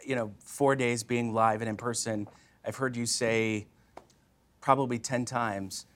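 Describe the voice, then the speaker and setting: A man interviewing a company CEO, asking measured, prepared questions. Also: mid-range voice, fairly even intonation, a bit bright. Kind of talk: business interview.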